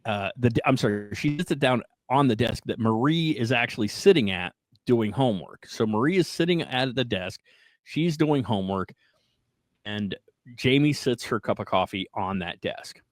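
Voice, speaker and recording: A man hosting a podcast, casually retelling a strange story in an animated way, often checking in with "right?" and "like". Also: medium pitch, moderate pace, no echo, low-quality recording. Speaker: podcast host.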